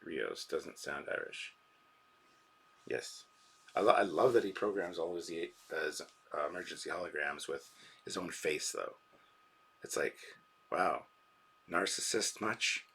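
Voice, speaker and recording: A man's voice: a bass voice, measured pace, gravelly, pauses often, husky. A man hosting a live reaction stream, rambling casually and reading out viewers' chat messages and donations.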